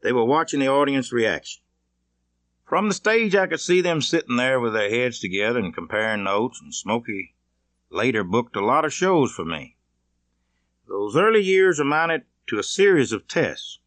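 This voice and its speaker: A man from Mississippi, reading his own memoir in a plainspoken, measured, conversational way. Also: mid-range voice, expressive, fairly bright tone, no echo. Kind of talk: audiobook narration.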